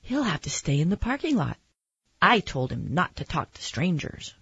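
A woman's voice: on the low side, very animated, moderate pace, fairly bright tone, slightly rough, no echo, lo-fi sound, heavily acted. Woman reading as a weary, put-upon mom. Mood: exasperated. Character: weary, exasperated mother of a young boy. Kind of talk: storybook reading.

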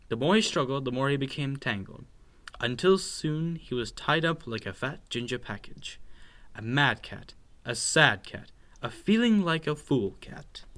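A man reading a children's bedtime story aloud with expressive, sing-song narration. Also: mid-range voice.

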